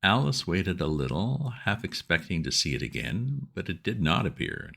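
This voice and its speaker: Deep gravelly male storyteller. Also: normal speed. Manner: lively, expressive reading. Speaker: narrator. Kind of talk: storybook reading.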